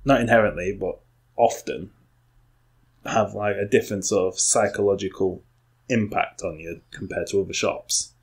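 Low-voiced young man rambling. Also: moderate pace, husky. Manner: rambling, full of "like" and restarts. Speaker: podcast co-host. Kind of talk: casual chat.

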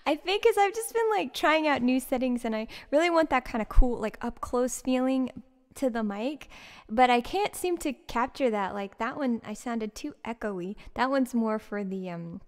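A woman's voice: on the high side, animated, moderate pace. A woman streamer chatting casually on a live music stream, laughing a lot and thanking viewers by name. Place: home streaming setup. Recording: long reverb with piano behind.

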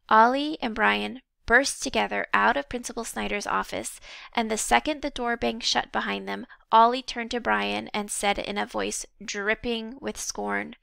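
A woman narrating a children's novel aloud in an expressive, measured reading style. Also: fairly high pitch, gravelly, no echo. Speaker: audiobook reader. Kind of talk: storybook narration.

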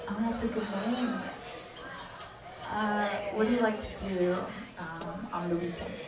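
A young woman comic doing quiet, hesitant crowd work with many ums in a comedy club. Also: mid-range voice, a little slow. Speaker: stand-up comic. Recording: echoey club from far off with loud crowd.

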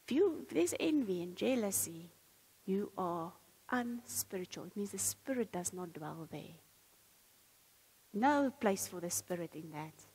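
A woman preaches with a husky, slightly breathy voice. She reads scripture aloud and then unpacks it with earnest conviction. Her words ring out with a long reverb, as in a large hall. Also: fairly low pitch, lively intonation, a little slow, darkish tone. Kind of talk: sermon.

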